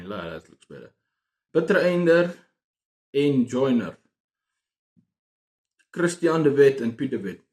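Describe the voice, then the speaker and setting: Excitable man, roomy sound. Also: medium pitch. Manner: excitable, repeats words and phrases. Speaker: book vlogger. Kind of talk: casual book review chat. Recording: roomy echo.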